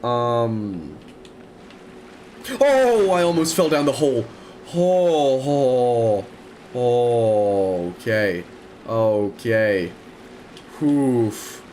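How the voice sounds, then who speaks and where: A young man commentating his own video game run, excitable and prone to repeating words in rapid bursts. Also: medium pitch, slight background noise. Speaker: gaming streamer. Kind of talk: let's play commentary.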